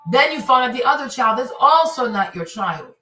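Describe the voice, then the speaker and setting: Woman, commentary host, bright tone, fairly high voice, casual and animated, distant mic in an echoey room. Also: moderate pace, a little hiss or hum. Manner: animated, talks to viewers, acts out quotes. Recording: roomy and slightly distant.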